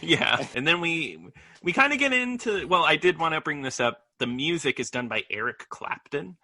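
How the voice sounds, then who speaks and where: A male podcast co-host with a strikingly bright, forward voice that swoops up and down as he talks. He chats loosely about a movie, laughing often and leaning on filler words. The sound is close and dry, with no room around it. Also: fairly high pitch, very animated, normal speed, dry recording. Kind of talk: casual movie review chat.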